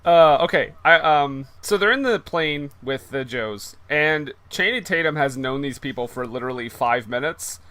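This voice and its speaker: A man co-hosting a podcast, recapping a movie in animated, casual chat and laughing a lot. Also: a little high, moderate pace, hardly any pauses. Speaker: podcast co-host.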